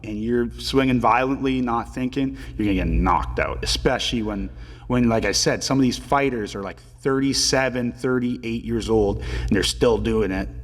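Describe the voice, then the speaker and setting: A man in his twenties, a pro hockey player telling stories as a podcast guest in a relaxed, filler-heavy way and swearing casually. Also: medium pitch, moderate pace, long reverb tail. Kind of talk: casual storytelling interview.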